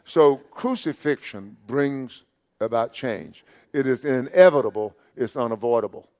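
Male preacher, sermon delivery, mid-pitched voice, emphatic and repetitive, swings between loud declaration and quiet asides. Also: a little slow. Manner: emphatic, repeats phrases, rises loud on scripture; drops soft and low at phrase ends.

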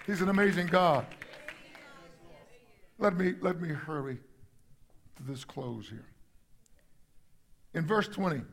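A man's voice: sits high, a bit bright. A pastor preaching a sermon, emphatic, climbing to exclamations and repeating his words as he goes.

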